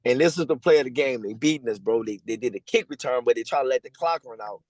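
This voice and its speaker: A man, a guest telling his story over a remote call in a casual, slangy way and acting out other people's lines in a higher voice. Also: quick pace, a little mellow, no echo, rough recording. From Louisiana. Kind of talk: storytelling interview. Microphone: remote call over a weak connection.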